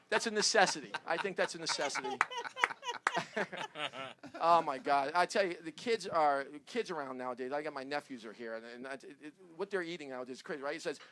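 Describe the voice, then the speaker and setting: A man hosting a comedy show, reading news jokes to his panel in a rambling, halting way and laughing at his own punchlines. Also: a little high, very noisy. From New Jersey.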